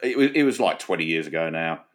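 A man's voice: very deep voice, lively intonation, fast. A man from Australia co-hosting a comedy podcast, dry and self-mocking, easygoing. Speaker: podcast co-host and author. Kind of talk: casual comedy chat.

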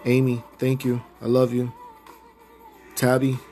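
A Puerto Rican man hosts a podcast in a loose, casual monologue. He talks from the heart and rambles through his shout-outs at an ordinary middle pitch. Faint music plays underneath. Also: monotone, measured pace. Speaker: podcast host.

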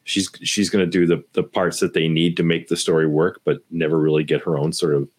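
A man with a very deep voice chats on a podcast with wry, dry humor. His opinions come out casual and firm. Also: level tone, brisk, breathy edge. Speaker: podcast co-host. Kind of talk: casual chat.

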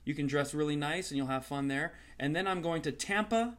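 A comedian opens his own show with a high-energy promo, his voice sitting a little high. He sells tour dates and specials in a hyped, salesy way, slipping in sarcastic asides. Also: fairly quick, fairly bright tone.

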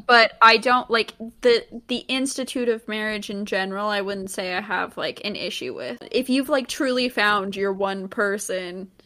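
A woman's voice: medium pitch, normal speed, few pauses, sharp tone. A young woman co-hosting a casual podcast, chatty and filling her talk with "like". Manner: chatty, peppered with "like". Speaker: podcast co-host.

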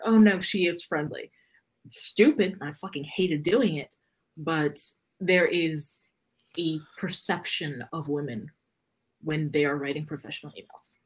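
A woman's voice: low voice, husky. A woman writer, a guest on a podcast, chatting casually and rambling with plenty of "like". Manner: rambling, peppered with "like". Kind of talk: casual chat.

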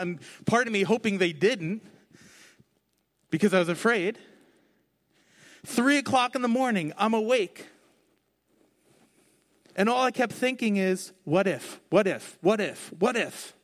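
A man preaching a conversational sermon from the stage, telling his own story candidly with lively, expressive delivery. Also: high voice, unhurried, pauses often. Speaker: pastor. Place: on stage before a congregation.

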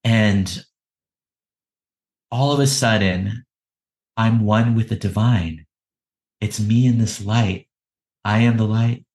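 A podcast guest, a man, telling a personal story in an emotional, halting way, often repeating words and laughing between phrases. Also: fairly low pitch, a little mellow, rough recording.

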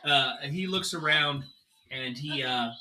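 A man's voice: mid-range voice, takes it slowly, echoey room, background noise. A man narrating as dungeon master of a tabletop game, talking casually.

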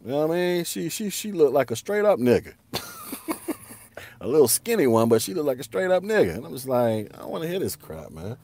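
A man's voice: fairly high pitch, sing-song, fairly quick, a little mellow, slight background noise. A man hosting a podcast alone, ranting casually in heavy slang, laughing often and repeating himself. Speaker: podcast host. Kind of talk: casual solo podcast rant.

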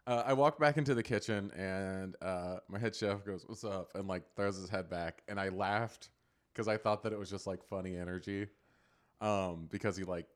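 A man's voice: deep voice, normal speed. A man co-hosting a podcast, telling a work story in a loose, giggly way with many fillers. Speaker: podcast co-host. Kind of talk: casual chat.

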